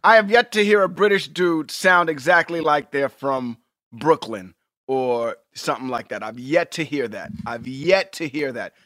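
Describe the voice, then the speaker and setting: Male co-host, emphatic and lively, bright, slightly high voice, dry close sound. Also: normal speed, no room sound. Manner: animated, emphatic, swears freely. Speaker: podcast co-host. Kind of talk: casual chat.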